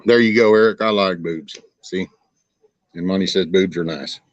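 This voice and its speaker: A middle-aged man with a low voice, rambling and ranting in a folksy, profane way as he hosts a casual livestream. The sound is dry, close and slightly dull. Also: moderate pace, no room sound. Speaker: livestream host.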